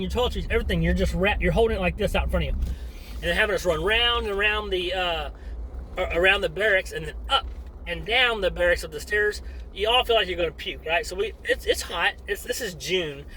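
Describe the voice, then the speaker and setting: A man telling a story casually and in a rambling, animated way for his vlog. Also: high voice, slight background noise, low-quality recording.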